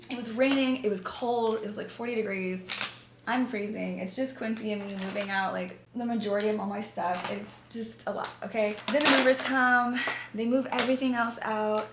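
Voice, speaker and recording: Chatty woman vlogger, gravelly echoey room. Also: a little high, moderate pace. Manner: animated, chatty, addresses viewers as you guys. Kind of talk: casual chatty storytime. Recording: echoey room, faint background noise.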